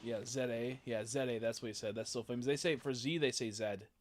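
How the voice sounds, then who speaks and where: A man's voice: mid-range voice, a little hiss or hum. Chatty swearing male game streamer. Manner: chatty and rambling, swears often, quick excited reactions. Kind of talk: casual live-stream commentary while playing.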